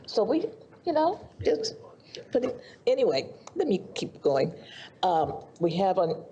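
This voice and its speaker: A woman's voice: deep voice, mellow, highs cut off, a little hiss or hum. A woman on a city council, giving her comments at a meeting in a chatty way with laughing asides, speaking into a desk microphone in a council chamber.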